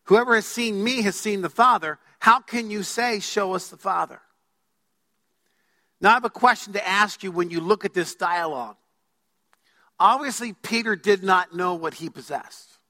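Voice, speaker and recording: A man preaches a sermon in a reverberant church sanctuary, his voice high and bright. He is emphatic and keeps putting questions to the congregation. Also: normal speed. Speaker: pastor. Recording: long hall reverb.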